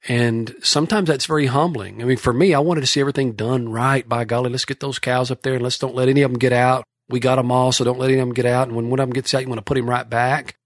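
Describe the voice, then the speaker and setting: A man's voice: medium pitch, fairly even intonation, fast talker, hardly any pauses, no echo, clean studio sound. A man from Texas with a Texan accent, a horse trainer telling folksy, rambling stories on a podcast. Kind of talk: casual podcast storytelling.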